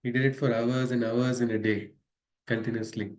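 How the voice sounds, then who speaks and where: A man's voice: mid-range voice, little pitch movement, moderate pace, darkish tone. A man with an Indian English accent, reading spiritual letters aloud and explaining them in a conversational way, often ending on a tag question. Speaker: spiritual study-circle leader.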